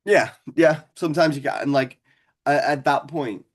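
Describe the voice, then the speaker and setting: A man's voice: fairly high pitch, moderate pace. A young man with a Scouse accent, a stand-up comedian guest telling rambling, sweary stories and laughing along. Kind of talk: casual storytelling chat.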